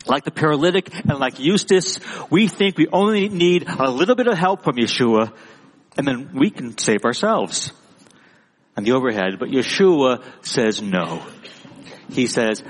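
A pastor preaching a sermon with emphatic, repeated phrases. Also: male voice, fairly high pitch, very animated, moderate pace, long reverb tail, poor audio.

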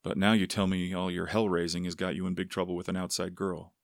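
A man's voice: low-pitched, level tone, fast, no echo, studio quality. A man voicing a grave, plain-spoken church bishop in a storybook. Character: grave small-town church bishop, disapproving.

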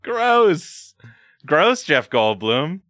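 A man's voice: fairly high pitch, very animated, extremely slow, fairly bright tone, dry recording, clean studio sound. A man co-hosting a podcast in loose casual chat, laughing often and swearing freely. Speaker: podcast co-host.

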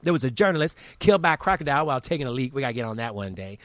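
Male host, profane, mocking, lively rants, dry booth sound. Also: mid-range voice, rapid-fire, no room sound. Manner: animated, crude, mocking. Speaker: host of a commentary show. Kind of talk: casual profane news commentary.

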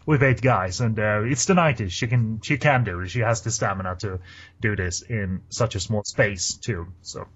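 A man's voice: lowish voice, normal speed, a bit bright, breathy edge, lo-fi sound. A man chatting casually as a podcast co-host about a film, rambling with many fillers and restarts. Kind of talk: casual chat.

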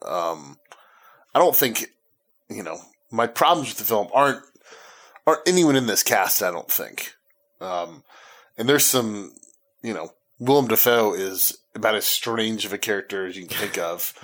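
A man co-hosting a casual film discussion, giving measured, hedging opinions. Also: fairly low pitch, expressive, a bit bright. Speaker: podcast co-host.

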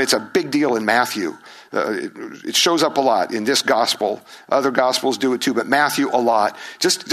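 A male pastor preaching a sermon, animated, asking the congregation rhetorical questions and acting out crowd voices. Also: medium pitch.

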